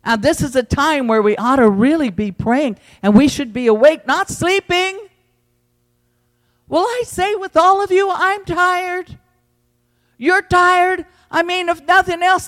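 High-voiced fervent preacher in a reverberant hall. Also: male voice. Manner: fervent preaching with big swings in pitch and loudness. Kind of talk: evening sermon. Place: church sanctuary.

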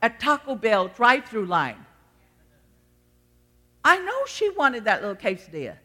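A woman preaching a sermon in a church, swinging between loud exhortation and quiet asides. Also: a little high, huge pitch swings, unhurried. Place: church sanctuary. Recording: long church hall reverb.

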